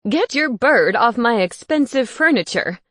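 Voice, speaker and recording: A woman's voice: a little high, animated, normal speed, no room sound, studio quality, natural voice. A woman voicing a bossy, snooping male ghost housemate who teases and gets indignant. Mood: teasing, loud. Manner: teasing, indignant.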